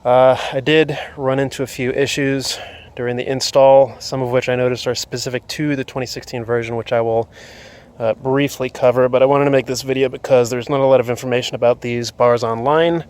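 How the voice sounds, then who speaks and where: A man's voice: mid-range voice, level tone, brisk, darkish tone, clean tone. A man filming a casual how-to walkthrough outdoors next to his motorcycle on his phone, a little out of breath from the heat and talking with many fillers. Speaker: motorcycle vlogger. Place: outdoors beside a motorcycle in hot weather. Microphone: phone camera.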